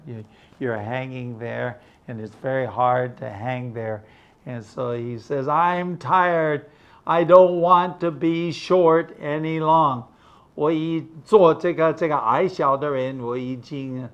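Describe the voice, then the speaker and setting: An older man teaching an English lesson, patiently explaining words and checking understanding. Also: medium pitch.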